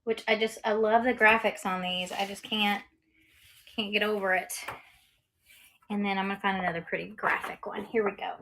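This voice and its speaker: A woman's voice: mid-range voice, little pitch movement, moderate pace, bright, forceful tone, slight background noise. A woman running a casual live-selling stream as an online auction seller, chatty and cheerful, with lots of ums and laughs.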